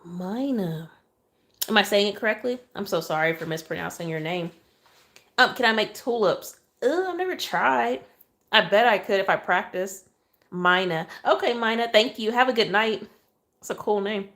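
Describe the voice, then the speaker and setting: A woman's voice: mid-range voice, animated, moderate pace, a bit bright. A woman chatting on a phone livestream while decorating cakes, apologetic and thanking viewers. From Oklahoma, US. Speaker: cake decorator. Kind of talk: live stream chat while decorating.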